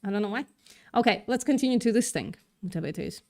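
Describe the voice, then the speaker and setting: Speaking fast with lively intonation, this woman has a mid-range, slightly mellow voice. She hosts a livestream, reading the news with sarcastic, swearing asides, tripping over words in a mixed accent that's partly British-tinged.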